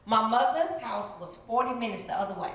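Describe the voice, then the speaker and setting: Echoey woman testifying in church. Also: fairly quick. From Chicago area. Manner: animated storytelling, jumps into high voices to act out quotes. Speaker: guest speaker. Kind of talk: testimony sermon. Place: large church hall. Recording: very echoey church hall, some noise.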